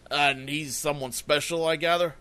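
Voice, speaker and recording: A man's voice: on the high side, steady tone, normal speed, bright, forceful tone, slight background noise. A man playing a wary male pirate captain who talks hesitantly, full of uhs. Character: wary male pirate captain handing over his ship.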